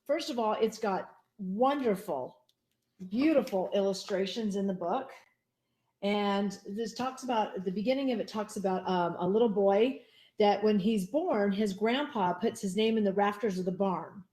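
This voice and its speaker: A woman's voice: mid-range voice, normal speed, dark tone, echoey room. A woman who teaches, sharing a picture book over a video call in an eager, chatty way. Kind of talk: casual sharing in a class discussion.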